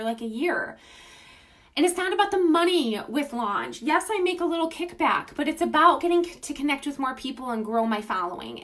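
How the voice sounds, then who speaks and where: A woman livestreams casually on her phone to pitch her beauty business. Her tone is fairly bright, and she chats in an effusive, informal way, calling out viewers by name.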